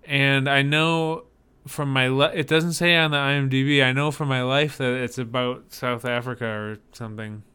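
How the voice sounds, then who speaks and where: A man co-hosts a casual chat in a bright, forward voice. His talk wanders and hesitates, with a dry sense of humor. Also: mid-range voice, fairly even intonation, moderate pace, clean tone. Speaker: podcast co-host. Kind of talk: casual chat reacting to movie trailers.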